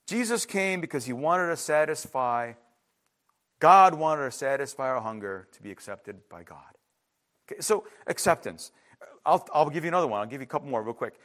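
In this sermon, a man with a highish voice and a fairly bright tone preaches in an animated way at a moderate pace. His delivery is emphatic yet conversational, with frequent restarts and remarks aimed at the congregation.

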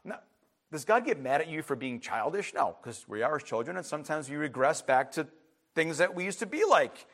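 A man preaching a sermon as a pastor, emphatic, his voice swinging between loud outbursts and hushed asides. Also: a little high, expressive, fairly quick.

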